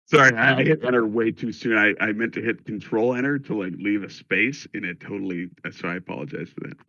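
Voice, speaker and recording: A man playing in an online tabletop game, talking casually and bursting into loud enthusiasm. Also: lowish voice, a little fast, dry recording, muffled recording. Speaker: player.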